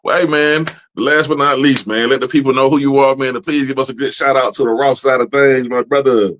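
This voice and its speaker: Easygoing podcast host. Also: male voice, mid-range voice, steady tone, a little fast, fairly bright tone, a little hiss or hum. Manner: easygoing, full of "man" and "yeah". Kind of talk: casual interview chat.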